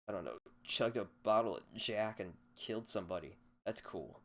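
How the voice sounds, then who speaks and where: A young man rants alone into a desk microphone, swearing freely and wandering from point to point. His voice sits a little low, and his sarcasm runs through the whole monologue. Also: lively intonation, normal speed, fairly bright tone. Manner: profane, rambling, sarcastic. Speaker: podcast host. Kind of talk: solo rant podcast.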